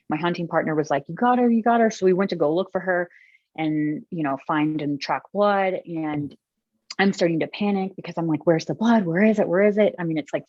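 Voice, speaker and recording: Low-voiced chatty woman guest. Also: no echo, lo-fi sound. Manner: chatty, many fillers, gets emotional when telling stories. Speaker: podcast guest. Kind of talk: casual interview storytelling.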